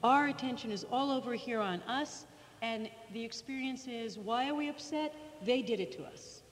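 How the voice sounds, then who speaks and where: A woman's voice: fairly high pitch, moderate pace, slight background noise. A woman co-leading a talk to a live group, direct and emphatic as she explains. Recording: reverberant hall.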